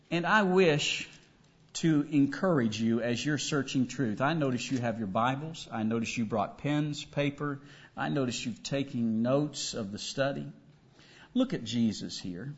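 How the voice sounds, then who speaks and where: A man preaching a sermon to a church congregation, acting out the voices he quotes. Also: mid-range voice. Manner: animated, acts out quoted voices. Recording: dull lo-fi recording.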